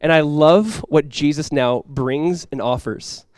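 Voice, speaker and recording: A young man preaching a sermon as a pastor. He talks in a casual, conversational way with lots of "like," and swings from quiet, earnest lows to loud, excited highs. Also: takes it slowly, smooth, no room sound. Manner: casual and conversational, with many "like" fillers.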